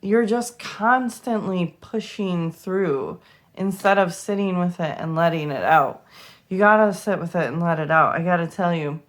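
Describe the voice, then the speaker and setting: A woman's voice: on the low side, measured pace. A young woman giving a tarot reading to camera, emotional and close to tears, swearing freely as she talks. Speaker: tarot reader.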